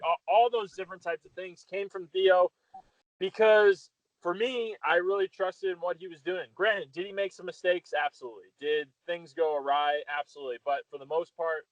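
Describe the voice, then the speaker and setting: A man's voice: fairly high pitch, a bit bright, no room sound, muffled recording. A man guesting on a casual podcast, effusive and enthusiastic, often restarting his sentences.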